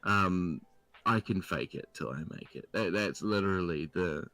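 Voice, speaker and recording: Dry-humored New Zealand man, low voice. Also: moderate pace, pushed and bright. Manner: dry, self-deprecating humor. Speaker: guest. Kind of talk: casual chat.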